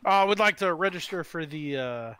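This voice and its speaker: A man banters through a tabletop game, joking at his own expense. His voice is bright and sits a little high. He talks in a loose, casual way. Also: animated, brisk, clean tone. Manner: joking, self-deprecating banter. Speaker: player.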